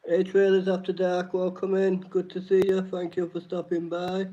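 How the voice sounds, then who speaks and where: A man's voice: sits high, monotone, normal speed, few pauses, warm tone. A man hosting a live-stream trivia night, reading each question twice and greeting chat viewers by name. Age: adult. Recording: dull lo-fi stream audio.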